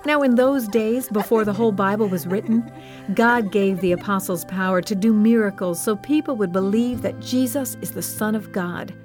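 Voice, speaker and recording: A woman narrating a Bible story for children in a gentle, expressive scripted style. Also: medium pitch, moderate pace, soft background music.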